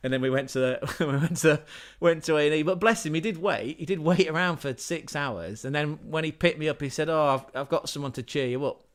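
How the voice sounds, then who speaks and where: A man's voice: fairly high pitch, expressive, normal speed. An English man hosting a livestream, telling a rambling anecdote in casual, sweary speech with frequent self-corrections. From England. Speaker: livestream host.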